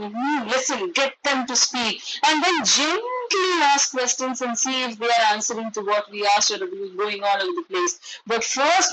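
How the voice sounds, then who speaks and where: A woman's voice: fairly high pitch, fairly bright tone, slight background noise, low-quality recording. A woman and mother giving a parenting talk, answering questions earnestly, repeating key points and asking rhetorical questions. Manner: asks the listener rhetorical questions. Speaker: parenting coach.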